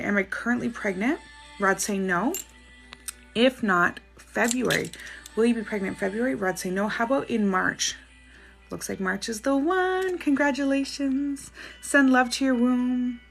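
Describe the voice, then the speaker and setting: A woman's voice: a little high, vocal fry. A woman hosting a live stream, reading out viewers' names and questions and answering them in a chatty, reassuring way. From Canada. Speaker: psychic livestream host.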